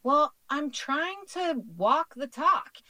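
A woman's voice: high voice, lively intonation, takes it slowly, sharp tone, no echo. A woman author answering radio interview questions, explaining research in an upbeat, explanatory way with light laughs. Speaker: author guest.

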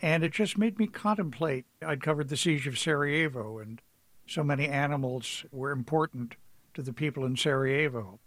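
A man's voice: fairly high pitch, normal speed, a bit bright, dry recording. Reflective man telling stories on radio. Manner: reflective, anecdotal storytelling. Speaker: author guest. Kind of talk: radio interview.

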